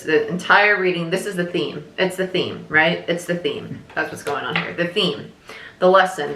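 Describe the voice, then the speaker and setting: A chatty woman reads tarot cards in a bright, forceful voice that sits a little low in pitch, chewing gum as she talks. She repeats herself and leans on "like" and "right?" all through. The room is echoey and has a faint hiss. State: chewing gum while talking. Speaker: tarot reader. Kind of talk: casual tarot reading to camera.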